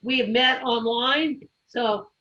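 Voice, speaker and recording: A woman hosting an interview over a video call, relaxed and full of fillers. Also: fairly high pitch, slow, dull audio. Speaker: interviewer host.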